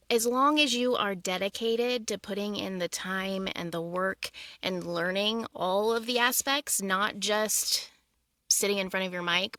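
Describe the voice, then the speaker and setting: A woman's voice: mid-range voice, sharp tone, no room sound. A woman audiobook narrator talking as a podcast guest in a frank, upbeat, encouraging way. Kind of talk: candid interview talk.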